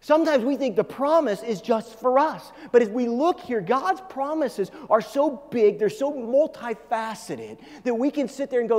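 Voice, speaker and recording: A middle-aged man preaching a sermon as a pastor, talking fast and emphatic, often repeating phrases. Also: very high-pitched, lively intonation, a little mellow, big-room sound.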